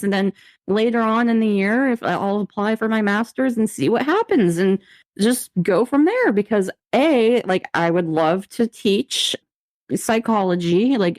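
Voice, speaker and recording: A woman's voice: fairly high pitch, a little mellow, dry recording. A woman in her twenties from Canada, co-hosting a casual podcast chat, telling stories with lots of laughter and acted-out quoted exchanges. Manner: giggly storyteller, acts out quoted exchanges. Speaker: podcast co-host.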